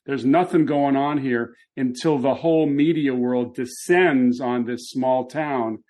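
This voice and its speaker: A man's voice: mid-range voice, steady tone, a little slow, a little mellow. A man co-hosting a podcast about classic Hollywood, explaining films in a thoughtful, conversational way. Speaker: podcast co-host. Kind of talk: casual film discussion.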